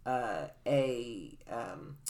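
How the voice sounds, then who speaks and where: A woman's voice: rumbling low, very slow, gravelly, slight background noise. A woman co-hosting a casual chat, telling stories animatedly and often laughing as she talks. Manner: animated storyteller, laughs while talking.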